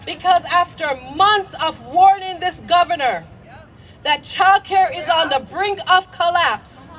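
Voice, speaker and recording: A woman's voice: very high-pitched, fairly bright tone. A childcare provider speaking at an outdoor rally, angry and shaking, repeating her points and leading the crowd in chants. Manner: angry, repeats lines and leads call-and-response chants. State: shaking with anger. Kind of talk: impassioned rally speech. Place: outdoor rally on a city green. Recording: outdoor crowd recording from a distance.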